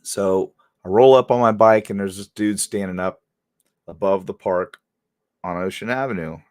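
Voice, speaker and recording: A man's voice: fairly low pitch, moderate pace. A middle-aged man, a former police officer, telling a story casually and talking straight to his viewers. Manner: animated anecdote-telling, addresses viewers directly.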